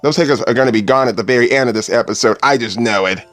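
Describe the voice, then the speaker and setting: A man's voice: mid-range voice, rapid-fire, over music. Exasperated, foul-mouthed male cartoon reviewer. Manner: crude, exasperated, swears a lot. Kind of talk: profane commentary over clips.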